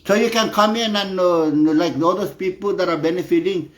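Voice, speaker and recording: A man's voice: sits high, fairly quick, fairly bright tone. A man delivering a heated, profane political rant, peppering his speech with "no" as a filler. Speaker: political commentator. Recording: echoey room.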